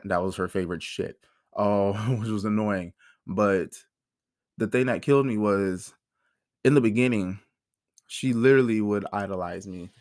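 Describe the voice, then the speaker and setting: A man's voice: lowish voice, moderate pace, no room sound, clean studio sound. Heated, cursing man in his thirties. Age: 30s. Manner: heated, profane, animated storytelling. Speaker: podcast host. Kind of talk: casual personal monologue.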